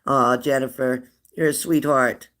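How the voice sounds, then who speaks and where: Bright-voiced chatty woman in her fifties. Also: extremely low pitch, steady tone, unhurried. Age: 50s. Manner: chatty and affectionate, laughs often, answers comments aloud. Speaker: livestream host of a spirit-messages channel. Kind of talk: casual live-stream chat reading viewer comments.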